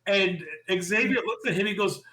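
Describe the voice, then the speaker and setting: A man co-hosting a podcast, excitedly retelling a wrestling show and acting out quotes with lots of laughter. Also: high voice, moderate pace. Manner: excitable storyteller, laughs often, acts out quotes. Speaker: podcast co-host. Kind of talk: casual wrestling recap chat.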